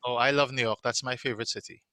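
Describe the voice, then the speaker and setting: Man, host of an online show, teasing and playful, bright tone, dry close sound. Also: medium pitch, steady tone, fast talker, clear, resonant tone, no room sound. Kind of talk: hosting an online live show.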